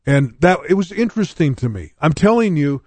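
A man's voice: on the high side, very animated, fairly quick, darkish tone, dry recording. A man in his sixties preaching, telling his own conversion story in a plain, earnest way and speaking straight to his listeners. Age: 60s. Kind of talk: personal testimony sermon.

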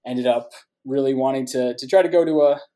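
A man's voice: medium pitch, brisk, dark tone. A young man from Canada, a podcast guest, talking in a friendly, rambling way with many restarts. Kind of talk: casual interview talk.

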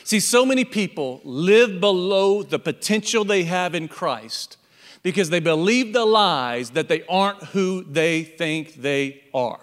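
A man's voice: high-pitched, expressive, measured pace, in a large hall. A man preaching a sermon, telling a parable as a pastor and acting out the animal characters in it.

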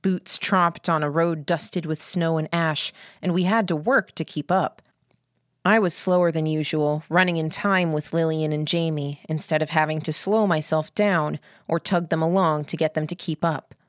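A woman reading a novel aloud in a steady, even storytelling manner. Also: sits low, moderate pace, no room sound, studio quality. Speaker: audiobook narrator. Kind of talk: scripted narration.

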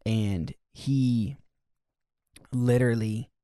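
A man's voice: mid-range voice, fairly even intonation, extremely slow, warm tone, no echo, studio quality. A man telling touring stories in casual chat, rambling with lots of fillers. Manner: rambling with many fillers and restarts.

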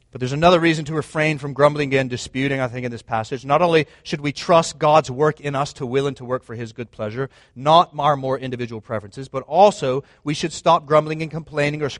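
A man's voice: mid-range voice, dry recording. A man preaching a sermon in an earnest, emphatic way, often restating his points. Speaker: pastor.

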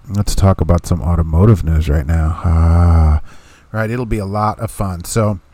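A man's voice: lowish voice, a little mellow, dry recording. A man hosting a podcast about trucking, talking casually in a folksy, emphatic way and answering his own rhetorical questions.

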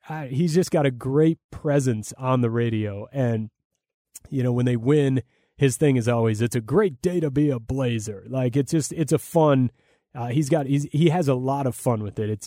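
Enthusiastic man with a dark voice. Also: medium pitch, moderate pace, no room sound, clean studio sound. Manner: rambling, enthusiastic, many fillers and restarts. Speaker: play-by-play broadcaster. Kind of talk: conversational interview answers.

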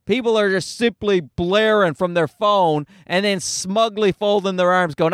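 A man's voice: sits high, unhurried, few pauses, clean tone, no echo. A comedian in his thirties hosting his own podcast from a home studio, ranting casually with profanity and acted-out voices.

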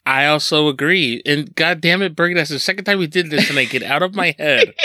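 Co-host: young American guy, excitable and expressive, bright tone, dry close mic. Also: on the high side, moderate pace, dry recording. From United States. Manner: excitable, laughs loudly, swears. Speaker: podcast co-host. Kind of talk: casual chat about music.

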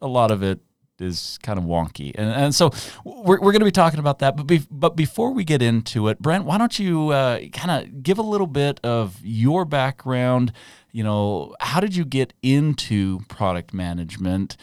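A middle-aged man hosting a podcast interview in a relaxed, rambling way. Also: medium pitch, moderate pace, clean tone, no room sound, studio quality. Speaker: podcast host.

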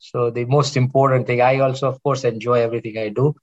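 A man's voice: medium pitch, flat delivery, quick pace, dull audio. A middle-aged man, a cardiologist guest, chatting casually and telling rambling stories with many restarts. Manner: rambling, warm storytelling with restarts. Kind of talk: casual interview chat.

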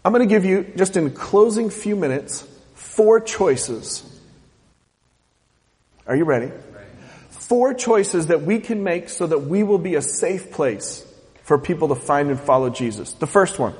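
Animated pastor preaching with lively pitch. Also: male voice, takes it slowly, pauses often, in a large hall. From US West Coast. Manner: animated, joking, asks the congregation questions. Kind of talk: sermon. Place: church sanctuary.

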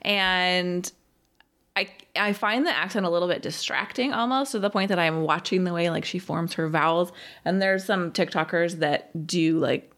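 A woman co-hosting a podcast, chatting in a relaxed, agreeable way and often chiming in with short replies. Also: fairly low pitch, normal speed. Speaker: podcast co-host. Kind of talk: casual chat.

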